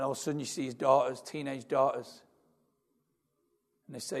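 A man preaching an earnest, repetitive sermon in a church, his voice gravelly. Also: mid-range voice, flat delivery, brisk, long pauses. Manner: earnest, repetitive, building in intensity. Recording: long hall reverb.

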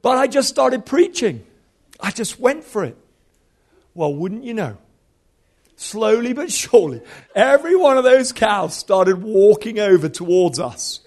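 A man's voice: high voice, very animated, a little slow, darkish tone. A man in his fifties, a preacher telling stories in a sermon with humor and animation. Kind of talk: storytelling sermon.

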